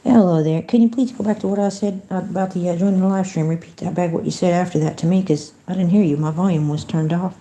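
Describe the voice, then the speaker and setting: Folksy woman with a dark mellow voice. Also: fairly low pitch, fairly even intonation, quick pace, few pauses. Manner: folksy, chatty, talks to chat and phone assistant. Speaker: livestreamer. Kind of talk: casual livestream chat.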